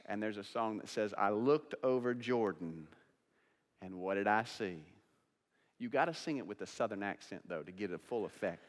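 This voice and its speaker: A man's voice: lowish voice, expressive, moderate pace. A man preaching an earnest sermon as pastor, now and then singing hymns. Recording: long reverb of a church hall.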